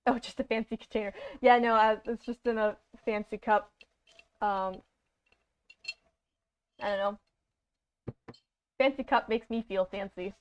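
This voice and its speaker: A woman's voice: a little high, fairly even intonation, a little slow, pauses often. A Canadian woman streaming a game, chatting casually in a rambling, self-deprecating way with lots of fillers. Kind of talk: casual let's-play chat. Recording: dull lo-fi stream audio.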